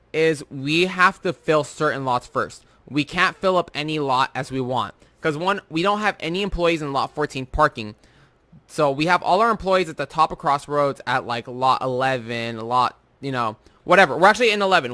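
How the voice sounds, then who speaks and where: Young guy venting about work, swears a lot, kinda high voice, dry close sound. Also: bright, forceful tone, no room sound. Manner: profane, rambling storytelling with many fillers. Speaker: vlogger. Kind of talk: casual rant about work.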